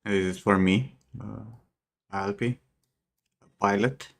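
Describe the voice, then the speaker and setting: A man on a livestream with a somewhat low voice. He chats casually and jokes bluntly. Swear words come out freely. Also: fairly even intonation, takes it slowly, creaky. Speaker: streamer.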